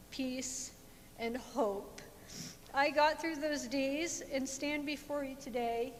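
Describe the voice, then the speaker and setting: Slow, high-voiced woman testifying in church. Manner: slow, earnest and heartfelt, rising in fervor. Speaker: church speaker giving a testimony. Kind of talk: personal testimony. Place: church sanctuary. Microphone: handheld microphone. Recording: echoey church hall with faint rumble.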